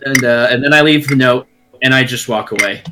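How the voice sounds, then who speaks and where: A man playing a tabletop game, describing his character's actions in an animated, playful way. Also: mid-range voice, fairly quick, over music. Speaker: player.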